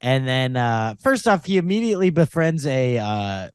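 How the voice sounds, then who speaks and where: A man's voice: mid-range voice, sing-song, normal speed, clean tone, no echo, studio quality. A man co-hosting a comedy podcast in casual chat, rambling through his points with lots of fillers and frequent laughter. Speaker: podcast co-host.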